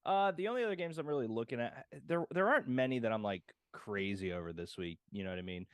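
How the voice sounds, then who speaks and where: A man's voice: medium pitch, animated, fast talker, clean tone, dry recording. A man co-hosting a sports podcast, rattling off scores and betting picks with a dry wit. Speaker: podcast co-host. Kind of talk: casual sports chat.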